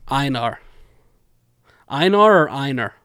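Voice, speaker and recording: A man's voice: medium pitch, animated, slow, fairly bright tone, clean tone, dry recording, studio quality. A man co-hosting a podcast, arguing and joking in casual chat with a crass sense of humor. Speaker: podcast co-host.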